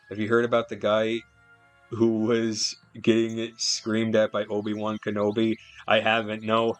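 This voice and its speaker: A man's voice: on the low side, monotone, moderate pace, soft background music. A man streaming a video game live, chatting casually and rambling between remarks, with an easy, offhand swear here and there.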